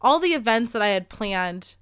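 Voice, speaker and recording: A woman's voice: on the high side, lively intonation, moderate pace, a bit bright, clean tone, no echo, studio quality. A woman in her thirties hosting a podcast, telling a rambling casual story with lots of "like" and free swearing. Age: 30s. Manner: chatty, rambling, swears freely, heavy use of "like". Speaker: podcast host.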